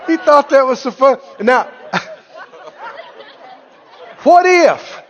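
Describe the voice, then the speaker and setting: A man preaching a sermon, telling a story in a folksy, animated way. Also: very high-pitched, normal speed, a faint crowd. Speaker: pastor. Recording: dull recording in a reverberant hall.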